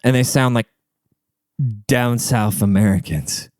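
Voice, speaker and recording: A man's voice: medium pitch, takes it slowly, a little mellow, clear, resonant tone, no echo, clean studio sound. Rambling, profane podcast host, man. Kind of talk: casual storytelling monologue.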